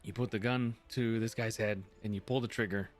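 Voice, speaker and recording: A man running a tabletop game as game master, talking casually in halting phrases with restarts and quick laughs. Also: fairly low pitch, steady tone, soft background music.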